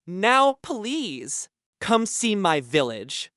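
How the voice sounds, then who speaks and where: A good-humored young lord of a village from an audiobook, warm with friends and firm with orders. A man plays him with a lively, rising and falling voice, unhurried and dry. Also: high voice, dry recording, heavily acted. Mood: commanding.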